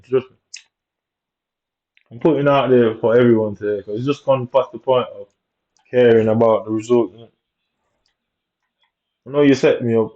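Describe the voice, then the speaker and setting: In a dull, lo-fi recording, a man commentates his own gameplay with heavy muttering and ranting. His medium-pitched voice is mellow and dark, and he stays aggrieved throughout.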